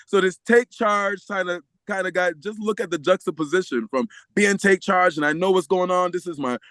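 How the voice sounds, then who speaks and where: A man telling a story as a podcast guest, animated and often laughing, acting out the voices of the people in it. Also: sits high, moderate pace, no room sound. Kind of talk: storytelling in a casual interview.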